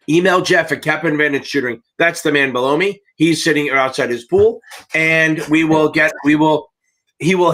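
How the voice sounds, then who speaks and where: A man's voice: on the high side, a bit bright. Blunt, foul-mouthed man coaching. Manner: blunt, profane, fired-up pep talk. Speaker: exam prep tutor hosting a live Q&A. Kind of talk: casual livestream coaching.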